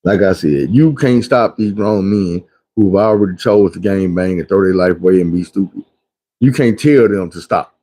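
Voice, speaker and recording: A man's voice: fairly low pitch, warm tone, husky. A man on a livestream giving blunt, preachy street talk in a casual monologue, acting out the people he quotes. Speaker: livestream host.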